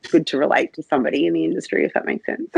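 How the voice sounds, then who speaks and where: A woman's voice: sits low, big pitch swings, racing, creaky, breathy edge, no echo. Giggly Australian woman, dry close sound. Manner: giggly, chatty, swears freely. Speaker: guest, cam model. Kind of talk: casual interview chat.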